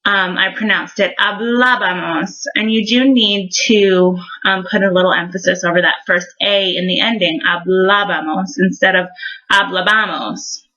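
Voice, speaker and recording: A woman's voice: mid-range voice, fairly even intonation, normal speed, few pauses, pushed and bright, dull audio. A woman explaining verb endings in a recorded language lesson, friendly and patient, with frequent ums. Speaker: Spanish teacher.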